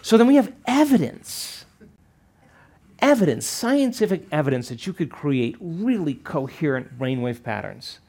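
A man's voice: a little high, very animated, a little slow, a little mellow, slightly rough. A man teaching a seminar to a live audience, often checking in with rhetorical questions and acting out quoted voices. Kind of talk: live workshop lecture.

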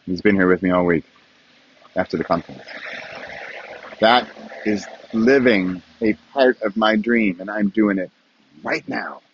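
A man's voice: fairly low pitch, unhurried, pauses often, lo-fi sound, slight background noise. A middle-aged man hosting his own podcast in a casual solo monologue, chatty and often asking the listener questions. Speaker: podcast host.

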